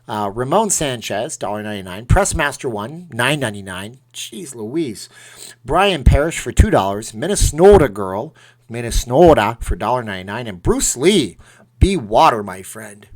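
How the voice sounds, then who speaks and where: A man's voice: mid-range voice, sing-song, normal speed. A middle-aged man casually chatting on a live stream, reading out donor names and rambling through asides.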